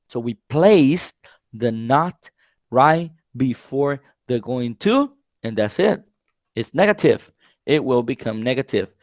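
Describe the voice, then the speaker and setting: A man whose first language is Spanish, teaching an English grammar class online, repeating example sentences slowly and quizzing his students. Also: mid-range voice, no room sound, clean studio sound. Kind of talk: live online class lecture.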